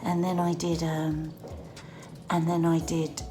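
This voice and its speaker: A middle-aged woman vlogging casually from her dressing room at work, chatty and excitable, out of breath. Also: low voice, slow, a little hiss or hum. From England. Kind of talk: casual vlog monologue.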